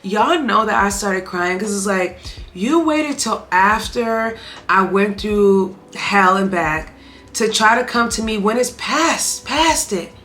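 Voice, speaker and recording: Young woman vlogger, bright and forceful, candid storytelling, faint music under the voice. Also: medium pitch, lively intonation, slow pace. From Haitian family. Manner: candid, emphatic, addresses viewers directly. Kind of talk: storytime vlog.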